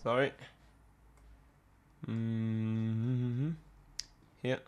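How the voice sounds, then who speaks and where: A man teaching a music production tutorial, talking in a halting way with many fillers and restarts. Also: medium pitch, level tone. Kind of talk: screen-recorded software tutorial.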